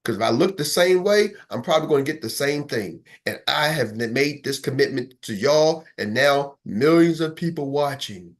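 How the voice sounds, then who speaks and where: A man's voice: on the high side, expressive, normal speed, hardly any pauses. A man coaching his sales team, emphatic and preachy, driving points home with repetition and calling on listeners by name. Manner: fired-up, emphatic, preachy, repeats for punch; talks straight to a live group, calls on listeners by name. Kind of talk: motivational team coaching talk. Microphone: online meeting.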